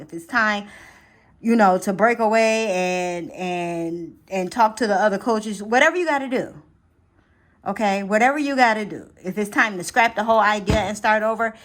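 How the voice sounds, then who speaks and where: Chatty, animated woman giving a tarot reading. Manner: chatty, animated, addresses viewers directly with frequent "okay?"; lively swings in pitch and loudness. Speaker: tarot reader. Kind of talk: casual tarot reading to camera.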